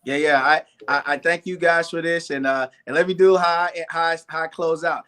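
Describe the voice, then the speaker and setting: A man's voice: a little high, little pitch movement, moderate pace, bright, forceful tone, clean tone. A middle-aged man, a guest entrepreneur, telling his life story earnestly in a live interview, repeating phrases and stacking up lists of hardships.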